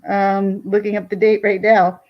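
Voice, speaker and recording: A woman's voice: medium pitch, little pitch movement, dull audio. Chatty woman telling stories. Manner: storytelling, chatty, drawn-out pauses. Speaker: podcast co-host. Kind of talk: casual chat.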